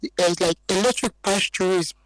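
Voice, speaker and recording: A woman, a flood victim who is hoarse from crying and talks haltingly, leaning on "it's like". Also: fairly low pitch, dry recording, poor audio. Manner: halting, many fillers such as "it's like".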